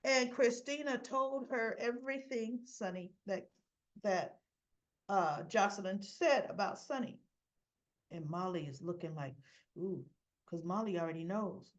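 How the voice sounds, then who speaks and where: A woman's voice: medium pitch, unhurried. Chatty, sassy woman recapping a soap. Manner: chatty, sassy, acts out the characters' lines. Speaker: soap opera reviewer. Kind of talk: casual episode recap.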